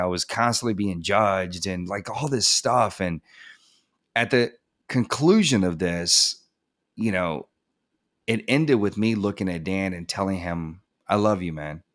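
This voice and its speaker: A man as a podcast guest telling a personal story candidly, acting out what others said and turning soft and subdued as it gets emotional. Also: low-pitched. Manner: animated, acts out quoted dialogue, laughs at himself.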